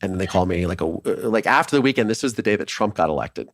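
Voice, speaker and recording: A male filmmaker from Ohio telling his story as an interview guest, animated and swearing freely, acting out what others said. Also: on the low side, very fast, dry recording, studio quality. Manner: animated, swears freely, acts out quoted dialogue.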